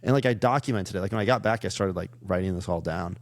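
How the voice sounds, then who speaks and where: A man's voice: low-pitched, fast talker, dry recording, studio quality. A young man, a comedian guest, telling a wild story in casual chat, rambling with lots of fillers. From Iowa. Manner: rambling, many "like" fillers, animated retelling.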